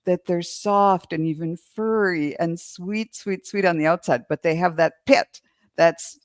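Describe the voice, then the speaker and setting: A woman's voice: on the low side, a little slow, dry recording, studio quality. A woman psychic medium giving a reading on a live stream, describing her visions in vivid detail. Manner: vivid and descriptive, building up imagery.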